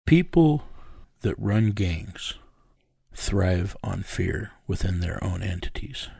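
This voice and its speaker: A man's voice: low voice, animated, takes it slowly, vocal fry, mellow, slightly rough, no room sound, clean studio sound. A man in an interview, bluntly recounting a tense story in a matter-of-fact way. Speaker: interview subject recounting events.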